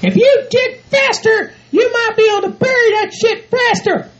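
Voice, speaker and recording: A man voicing a bossy rancher's wife in a comedy audio skit, shouting orders and scolding. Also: very high-pitched, moderate pace, pitched above the performer's own voice. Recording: dull lo-fi home recording, off-mic.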